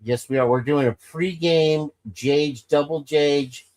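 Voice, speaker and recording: A man's voice: a little high, steady tone, slow, a crowd in the background, poor audio. A man hosting a casual show, rambling and joking with a co-host about movies. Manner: rambling, jokey, quotes movie lines in shouted voices. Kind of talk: casual banter.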